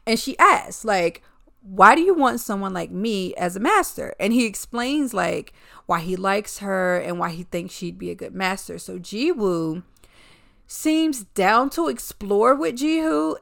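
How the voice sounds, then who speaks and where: Gravelly woman, candid chatty film recap. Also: mid-range voice, fairly bright tone. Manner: candid, profane, chatty storytelling.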